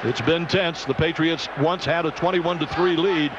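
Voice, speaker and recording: A man's voice: fairly high pitch, steady tone, normal speed, a loud crowd. A man commenting on a football game broadcast, setting out the score and situation. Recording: muffled archive broadcast with loud noise.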